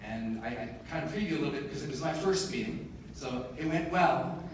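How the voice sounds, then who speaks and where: A man giving a live motivational keynote in a large conference hall, telling a story in an animated, emphatic way with self-deprecating humor. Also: mid-range voice, a little fast, noisy background. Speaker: motivational speaker. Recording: echoey hall, distant mic, audible room ambience.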